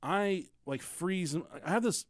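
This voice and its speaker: A man in his thirties chats on a podcast, swearing freely as he spins crude family stories. His voice sits a bit high for a man. The studio sound is dry and close. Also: animated, unhurried, no room sound. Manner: profane, storytelling, mimics family members. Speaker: podcast co-host. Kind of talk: crude casual chat.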